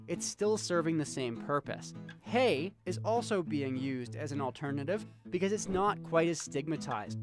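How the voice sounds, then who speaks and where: A man with a Canadian accent narrating a scripted news feature as a reporter, upbeat and explanatory. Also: fairly high pitch. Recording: voice-over with music bed.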